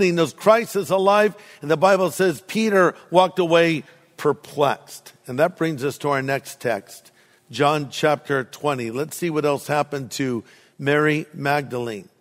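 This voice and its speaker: A man's voice: on the high side, in a large hall. An older man preaching a sermon as a pastor, in a casual, joking storytelling manner.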